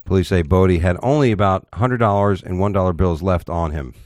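A man's voice: sits low, a little fast, a little mellow, dry recording, clean studio sound. A man hosting a casual talk show, reading odd news stories aloud and giving blunt, profane opinions with stumbles.

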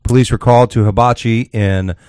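A man hosting a casual talk show, reading odd news stories aloud with crude jokes and halting restarts. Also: mid-range voice, fairly even intonation, darkish tone, smooth, no room sound, studio quality.

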